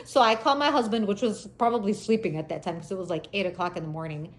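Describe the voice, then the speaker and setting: A woman in her forties telling a personal story casually, animated, acting out quotes in sudden loud high bursts. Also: fast talker, a little hiss or hum.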